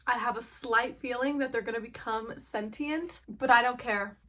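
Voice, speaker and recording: A woman's voice: fairly high pitch, pushed and bright. A young woman chatting casually as a book vlogger, bubbly and rambling, laughing often between asides.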